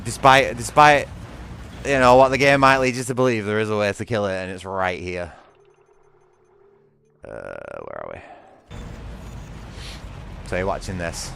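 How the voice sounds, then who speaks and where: A man with a British accent giving excitable live gameplay commentary, swearing often and talking straight to his viewers. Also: on the low side, measured pace, vocal fry, long pauses, clear, resonant tone. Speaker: gaming streamer.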